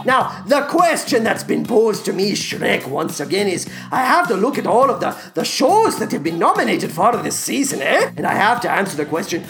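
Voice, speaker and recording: A woman's voice: medium pitch, big pitch swings, normal speed, hardly any pauses, a bit bright, faint music behind. A woman voicing a crude, horny green male ogre who talks in a gleeful, rambling, lewd way.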